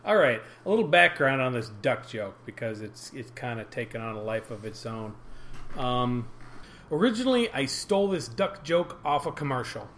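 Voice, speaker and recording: An older man chats casually as a podcast co-host, halting and restarting as he tells a long joke. His voice sits in a middle register, and faint ambient noise hangs in the room behind him. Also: mid-range voice, big pitch swings, a bit bright. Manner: self-deprecating, halting, with many restarts. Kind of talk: casual chat, joke telling.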